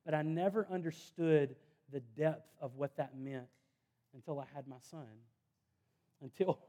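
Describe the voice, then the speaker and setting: A man's voice: fairly high pitch, measured pace, dark tone. A man, preaching a sermon in an earnest, conversational way with self-deprecating asides. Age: 30s. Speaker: pastor.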